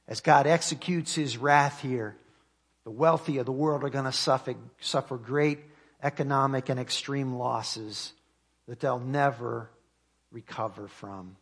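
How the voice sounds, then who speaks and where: Male pastor, earnest sermon delivery, mid-pitched voice, reads verses with lifted emphasis and lets phrases fall soft. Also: fairly even intonation, husky. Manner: earnest preaching, reads scripture aloud with rising emphasis; slows and drops to quiet at phrase ends.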